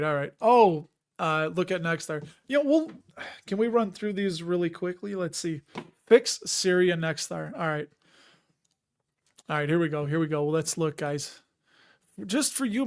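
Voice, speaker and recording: A man in his fifties with a fairly high voice hosts a casual investing livestream. He chats loosely with viewers, cracking jokes and laughing often as he wanders between asides. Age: 50s. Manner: chatty, jokey, laughs often, rambling asides. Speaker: host of a dividend investing livestream. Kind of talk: casual livestream chat reading viewer comments.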